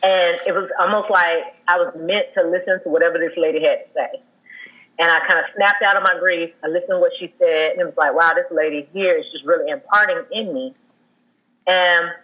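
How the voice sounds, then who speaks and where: A woman in her thirties, a guest telling her own story in a candid, halting way, with many fillers and restarts. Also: lowish voice, muffled recording. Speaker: guest sharing a personal loss story.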